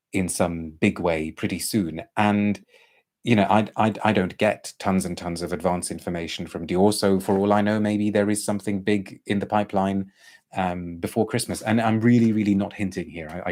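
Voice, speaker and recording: Guy with a lowish voice doing a casual live stream, reads out comments, lots of restarts. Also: darkish tone. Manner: chatty, reads viewer comments aloud, frequent restarts. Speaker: perfume reviewer hosting a live stream.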